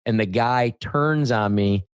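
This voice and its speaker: A man hosting a talk show, telling lively car-sales anecdotes in a casual chat. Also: mid-range voice, slow, smooth, no echo. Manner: animated anecdotes, acts out quoted customers. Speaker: podcast host.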